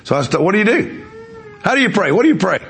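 A man's voice: sits high, very animated, fast talker, gravelly, fairly bright tone, slight background noise. A man preaching a sermon, telling a story with emphasis and quizzing the congregation. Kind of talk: sermon with testimony.

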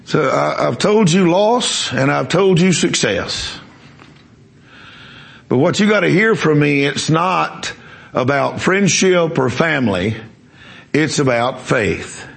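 A man's voice: on the high side, animated, takes it slowly, gravelly, fairly bright tone. A man preaching a sermon, telling a story with emphasis and quizzing the congregation. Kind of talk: sermon with testimony.

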